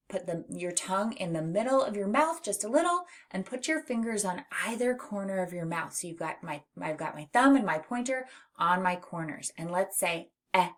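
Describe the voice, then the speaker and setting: A woman teaching a phonics lesson to young children, speaking clearly and encouragingly and drawing out each sound. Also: fairly low pitch. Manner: warm, encouraging, drawn-out sounds. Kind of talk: slow, clear early-reading lesson for children.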